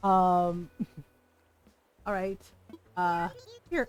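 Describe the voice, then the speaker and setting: A woman streamer chatting casually while she plays a life-sim game, giggly and quick with jokey asides. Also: fairly low pitch, fairly even intonation, soft background music. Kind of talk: casual gameplay commentary.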